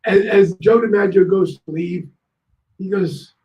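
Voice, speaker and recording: High-voiced man telling stories in an echoey room. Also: unhurried, highs cut off. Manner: lively storyteller who acts out other people's lines. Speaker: guest. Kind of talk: anecdotal storytelling.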